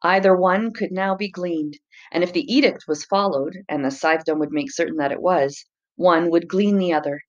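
A woman narrating a novel chapter in a measured, even storytelling manner. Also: fairly low pitch, highs cut off. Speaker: audiobook narrator. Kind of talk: scripted narration.

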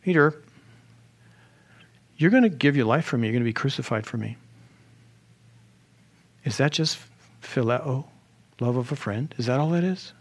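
A man acting out Jesus as an earnest, gentle grown man asking searching questions during a sermon. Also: mid-range voice, lively intonation, normal speed, long pauses, close to an everyday voice. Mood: tender.

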